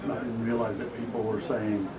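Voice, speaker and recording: A man's voice: fairly low pitch, little pitch movement, fairly quick. A man in a casual group discussion, curious and asking short questions. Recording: noisy room recording.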